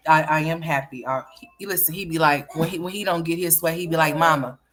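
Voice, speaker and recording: A woman's voice: low-pitched, fairly even intonation, quick pace, a bit bright. A woman hosting a casual livestream, playfully scolding and teasing her young sons. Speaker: livestream host.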